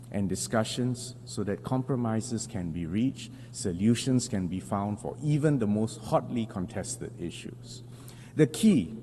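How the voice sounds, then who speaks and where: Man, formal address, deliberate emphatic pauses, low mellow voice, long hall reverb. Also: a little hiss or hum. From Singapore. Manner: measured, deliberate delivery with emphatic pauses and self-corrections. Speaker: foreign minister. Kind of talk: formal speech at an international assembly. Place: large assembly hall.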